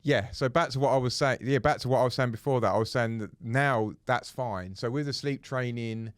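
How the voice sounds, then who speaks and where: A man's voice: medium pitch, fairly quick, dry recording, studio quality. A man, co-hosting a casual podcast and rambling with frequent restarts. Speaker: podcast co-host. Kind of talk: casual chat.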